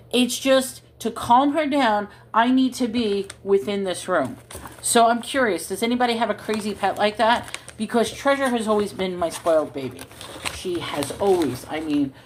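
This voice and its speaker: A woman's voice: mid-range voice, slight background noise. A woman hosting a casual livestream from home into her phone, rambling to viewers and chatting to her cat. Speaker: livestream host.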